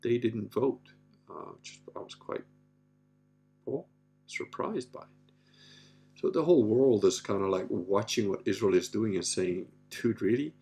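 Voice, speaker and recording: A man's voice: on the low side, measured pace, long pauses, darkish tone, husky, faint music behind. A man hosting a casual livestream, reading out viewer comments and rambling on in a profane, offhand way with lots of filler words. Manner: rambling, profane, full of "you know" and "like".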